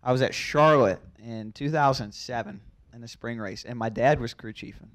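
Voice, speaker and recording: A man's voice: mid-range voice, moderate pace. A tipsy young man, a race car driver, telling a long story at a press conference, chuckling and repeating words as he goes. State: a little drunk.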